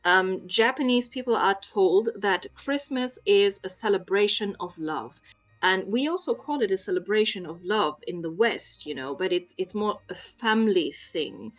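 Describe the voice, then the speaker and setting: A woman's voice: medium pitch, animated, normal speed, faint music behind. A woman in casual conversation, explaining things patiently like a teacher, with frequent ums. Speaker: guest explaining Japanese Christmas. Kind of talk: casual chat.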